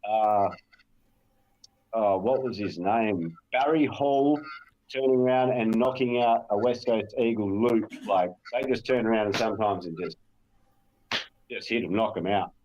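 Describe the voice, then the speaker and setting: A man's voice: on the low side, unhurried, darkish tone, slight background noise. An Australian man chatting casually on a podcast, blunt and fond of swearing. His audio comes through dull and lo-fi. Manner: blunt, profane storytelling. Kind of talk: casual chat.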